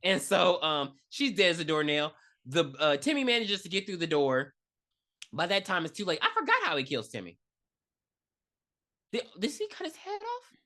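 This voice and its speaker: A woman with a low-pitched voice talks a little fast. As a podcast co-host, she recaps a horror movie casually and with plenty of profanity, animatedly acting out its characters.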